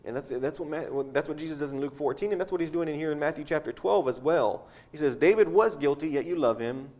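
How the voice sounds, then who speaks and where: Male preacher, somewhat high pitch, relaxed conversational sermon delivery. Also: quick pace. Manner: conversational, repeats words, chuckles at points.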